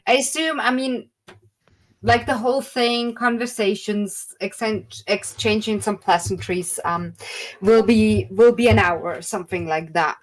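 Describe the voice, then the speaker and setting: A woman's voice: medium pitch, fairly even intonation, measured pace, poor audio. A woman narrating a tabletop game as game master, loose and descriptive with many fillers.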